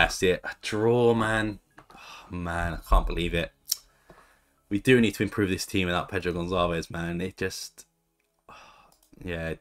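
A young gaming YouTuber chats casually while commenting on his own football management game, reacting to each move as it plays out. His voice is low-pitched yet fairly bright in tone.

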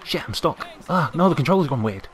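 A young man commentating live on his own gameplay, excitable, swearing and yelling at the game. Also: a little high, fast. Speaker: gaming commentator.

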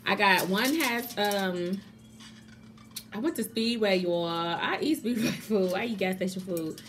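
A woman chatting casually to camera as a mukbang vlogger, excitable and calling her viewers y'all. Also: mid-range voice, measured pace, a little hiss or hum.

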